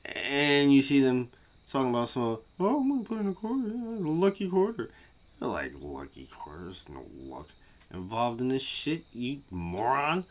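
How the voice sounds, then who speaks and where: A vlogger with a voice on the low side rants casually to camera, profane and repetitive. He swings between muttering and yelling.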